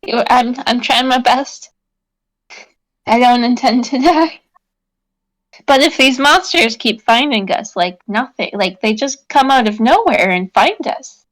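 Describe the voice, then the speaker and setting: A gentle, nervous young woman adventurer, played by a woman in a tabletop game. She speaks in a fairly high voice, softly and hesitantly, and takes her time over every word. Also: unhurried, lightly acted, rough recording. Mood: worried. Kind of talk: tabletop role-play.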